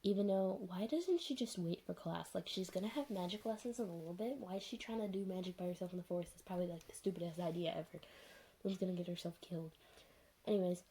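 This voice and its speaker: A young woman casually recapping a show episode with dry sarcasm and plenty of filler words. Her voice is mellow and a little husky, and her delivery is loose and chatty. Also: on the low side, quick pace, rough recording. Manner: sarcastic, chatty, full of "like" and "anyways". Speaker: video reviewer.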